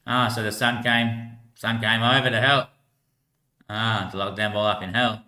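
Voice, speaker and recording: A man rambles in loose, slangy talk, swearing freely and breaking into laughs. His voice is bright and sharp at a middle pitch. The room around him echoes. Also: fairly even intonation, normal speed. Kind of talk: rambling casual monologue.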